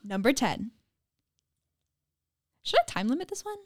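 A woman's voice: on the high side, big pitch swings, unhurried. Teasing young woman running a quiz. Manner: teasing, sings lyric snippets. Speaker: quiz host. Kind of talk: casual game chat.

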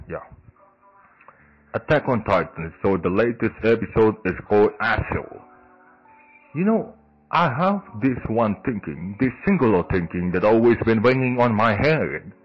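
Lower-pitched man, solo podcast host, halting delivery full of fillers and restarts. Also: lo-fi sound. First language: Indonesian.

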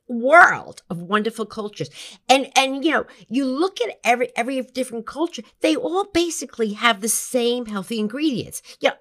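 A middle-aged woman hosting a health podcast, talking with excitement, animated and full of quick restarts. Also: fairly high pitch. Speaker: podcast host and nutrition professor. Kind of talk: enthusiastic podcast talk.

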